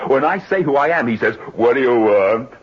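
A man's voice: medium pitch, expressive, a little fast, breathy edge. An actor playing a harried, practical male dress manufacturer in a radio drama, with a weary, wisecracking delivery. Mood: exasperated. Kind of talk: 1970s radio drama acting. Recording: dull lo-fi old radio broadcast.

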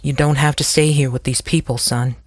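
A grim, gray-haired small-town lawman, as a woman narrator plays him in a storybook reading. He speaks low and firm, recorded close and dry. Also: fairly even intonation, fairly quick, no echo.

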